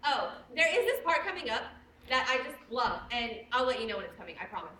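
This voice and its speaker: A woman's voice: on the high side, big pitch swings, fast talker, background noise. A young woman playing a male musical-theatre fan who confides chattily in the audience, on a school stage. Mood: confiding. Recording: echoey stage audio from far off.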